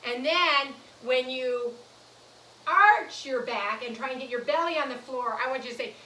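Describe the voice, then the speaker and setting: Woman coaxing little kids thru yoga poses, gentle playful, sounds far off in an echoey room. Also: sits high, normal speed. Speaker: preschool yoga teacher. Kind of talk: guided kids' yoga lesson. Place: room in a nursery school. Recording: echoey room, mic at a distance.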